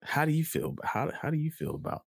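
A man's voice: on the high side, big pitch swings, quick pace, creaky, husky, no room sound, clean studio sound. A man hosting a podcast in casual chat, rambling and playful as he jumps between topics. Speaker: podcast host.

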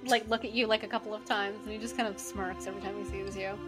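A woman's voice: medium pitch, level tone, quick pace, fairly bright tone, faint music behind. A woman narrating as game master of a tabletop game, rambling with many fillers.

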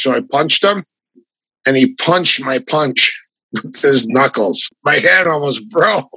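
A man guest on an interview, telling martial arts stories in a casual, animated way, pitching up when he quotes others. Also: unhurried, slightly rough, dry recording, rough recording. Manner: animated, raises his voice when quoting others. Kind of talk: casual anecdotal storytelling.

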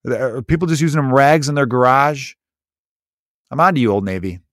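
Speaking at a normal pace with an expressive, fairly bright mid-range voice, an American podcast host in his thirties rambles through a sarcastic, profane comic monologue. The studio recording is clean, without room sound.

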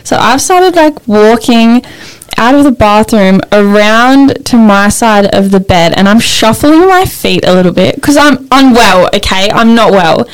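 A young woman co-hosting a podcast, telling a story in casual chat, animated and full of fillers. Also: on the high side, measured pace, smooth, poor audio. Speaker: podcast co-host.

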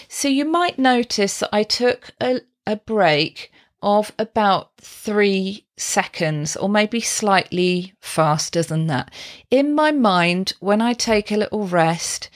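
A woman from the UK, a podcast host and performance coach, giving upbeat voice-coaching tips, laughing lightly and demonstrating pitch patterns as she talks. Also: animated, slow.

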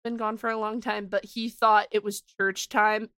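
A young woman in her twenties, co-hosting a podcast, telling a childhood story in an animated way, laughing and swearing. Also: medium pitch, normal speed, clean tone, no room sound, clean studio sound. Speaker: podcast co-host. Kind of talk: casual chat, storytelling.

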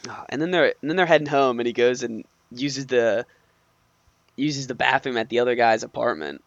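A man co-hosting a relaxed movie chat, retelling scenes and laughing often as he talks. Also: medium pitch, moderate pace, creaky, no room sound, highs cut off. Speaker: podcast co-host.

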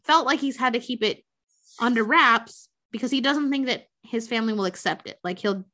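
Woman, casual podcast chat, bright tone, chatty, swearing, acting out quotes. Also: a little high, fairly quick. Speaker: podcast co-host recapping a film.

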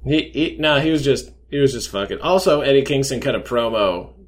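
A man's voice: mid-range voice, animated, a little fast. A man co-hosting a casual podcast chat, wry and joking. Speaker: podcast co-host.

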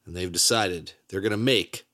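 A man co-hosting a casual movie podcast, animated and quick with asides, laughing often. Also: low voice. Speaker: podcast co-host.

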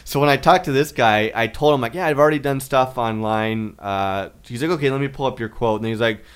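A man in the middle of his range tells a rambling story in casual podcast chat. His voice is smooth and clear. He gets animated when he quotes other people. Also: medium pitch, a little fast. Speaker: podcast co-host.

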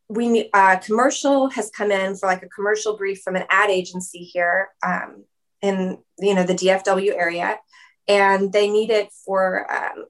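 A woman in a casual interview, telling her story in a loose, chatty flow. Her voice sits at an ordinary middle pitch, and she scatters "like" through her sentences and breaks into quick laughs. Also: a bit bright. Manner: chatty, fillers of "like", laughs often. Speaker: guest.

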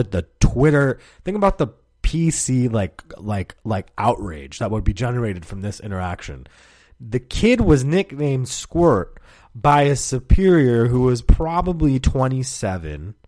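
Male solo podcast host, lively rambling storyteller, dry close sound, swears freely. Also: mid-range voice, no room sound. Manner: rambling, profane, laughs often. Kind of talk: casual storytelling monologue.

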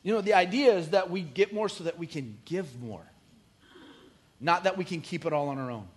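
Middle-aged man, pastor delivering a lively sermon; fairly high voice, jokes, builds to loud bursts. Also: normal speed. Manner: animated, joking preacher with rising emphatic bursts.

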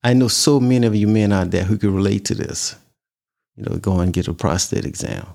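A male vlog host speaks with a low, gravelly voice. He talks casually and earnestly to his audience. He keeps circling back to repeat his point. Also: a little fast, a little mellow. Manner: earnest, repeats himself for emphasis. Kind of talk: casual talk to camera.

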